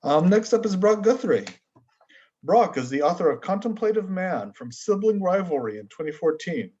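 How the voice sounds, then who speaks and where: A man with a somewhat high voice introduces the next reader at an online book launch. He talks casually and jokes at his own expense. The video call audio is muffled and lo-fi. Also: sing-song, moderate pace, a little mellow, husky. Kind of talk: event introduction.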